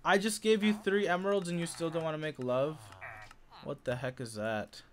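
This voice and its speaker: A man's voice: fairly high pitch, normal speed. A young man giving casual, rambling commentary while playing Minecraft, getting easily frustrated and yelping at mishaps. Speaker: gaming YouTuber. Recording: faint background noise and keyboard clicks.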